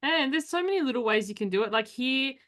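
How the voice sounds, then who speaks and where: A woman's voice: high voice, animated, a bit bright. Chatty woman hosting a podcast. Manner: chatty, quick asides and frequent laughter. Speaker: podcast host. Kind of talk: casual conversational interview.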